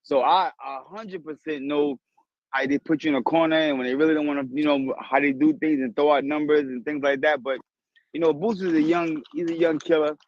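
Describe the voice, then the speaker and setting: A man who is a former boxer, interviewing in a calm, reassuring, conversational way. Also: fairly high pitch, a little fast, no room sound. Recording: dull lo-fi audio.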